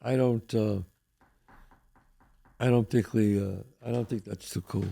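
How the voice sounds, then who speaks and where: A man's voice: fairly low pitch, measured pace, vocal fry. A man hosting a talk show, chatting casually and telling stories by acting out what people said. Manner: animated storyteller who acts out quoted lines. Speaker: host. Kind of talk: casual chat.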